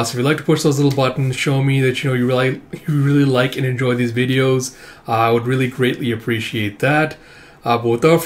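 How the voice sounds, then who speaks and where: A man hosting his own channel, chatting loosely through a comic chapter at a mid pitch. He stumbles along with frequent "uh" fillers and breaks into small chuckles, relaxed and unhurried. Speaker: manga reaction channel host. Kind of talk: casual read-through commentary.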